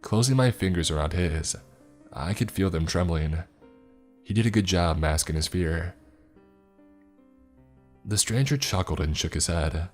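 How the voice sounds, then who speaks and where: A man with a very deep voice reads a scary story in a steady, measured delivery. Faint music plays softly beneath his narration. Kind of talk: scripted horror story narration.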